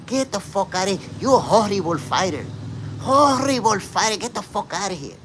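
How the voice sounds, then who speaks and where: A man's voice: sits high, big pitch swings, normal speed, fairly bright tone, slight background noise, pitched above the performer's own voice. A man doing a profane, dismissive impression of an angry male boxing champion. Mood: contemptuous.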